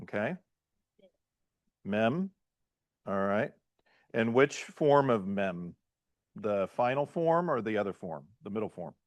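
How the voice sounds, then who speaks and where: A man's voice: lowish voice, lively intonation, slow, pauses often, no echo. A pastor teaching a beginners' language class, quizzing his students and checking in with "right?" and "okay?" as he goes. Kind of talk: classroom lesson.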